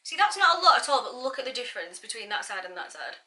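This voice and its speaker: A woman's voice: on the high side, sing-song, fast, bright, forceful tone. A woman giving a bubbly, chatty makeup tutorial and talking straight to her viewers. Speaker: beauty vlogger.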